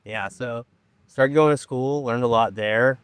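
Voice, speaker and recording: A man's voice: medium pitch, measured pace, smooth, no room sound. A man from Orange County who runs a treatment program, telling a story in a rambling, laid-back way full of fillers. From Orange County, California. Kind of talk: casual storytelling on a podcast.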